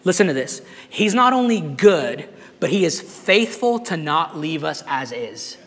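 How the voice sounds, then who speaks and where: A man, a pastor, delivering an impassioned sermon to a live congregation, building up to shouts and often restarting phrases. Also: on the high side, big pitch swings, a little slow, in a large hall. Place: church sanctuary with a live congregation.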